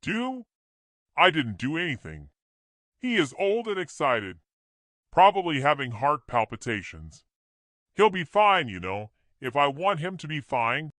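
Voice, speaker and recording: A man's voice: a little high, very animated, unhurried, a bit bright, no room sound, pitched above the performer's own voice. Man putting on a sultry, snarling demon woman. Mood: menacing. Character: seductive menacing woman doctor, demonic.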